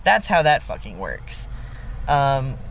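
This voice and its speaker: A man's voice: mid-range voice, big pitch swings, slow pace, gravelly, a bit bright, slight background noise. A young man talking frankly in a personal vlog, venting bluntly and swearing freely, with frequent filler ums. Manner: blunt and heavily profane. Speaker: vlogger.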